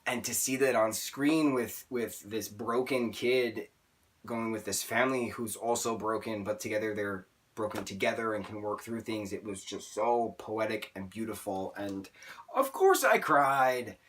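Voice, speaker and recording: A man's voice: fairly low pitch, measured pace, a bit bright. A man reviewing a TV season in a casual vlog, rambling through tangents and filler words, openly emotional. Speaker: TV show reviewer.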